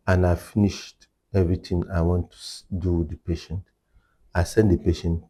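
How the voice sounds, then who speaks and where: In an interview, a man who works as a hearing care clinician explains his subject in a deep, mellow voice, going back over his main points to stress them.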